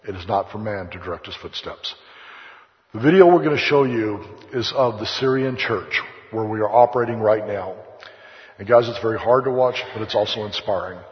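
A man's voice: lowish voice, moderate pace. A man giving an earnest sermon testimony, telling stories and addressing the audience as "guys". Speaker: missionary speaker. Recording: echoey hall, dull lo-fi sound.

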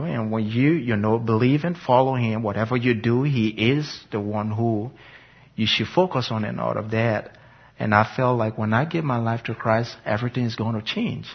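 A man's voice: on the low side, breathy edge. A man telling his personal faith testimony in an earnest, reflective way, on a muffled lo-fi recording. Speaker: speaker giving a personal testimony.

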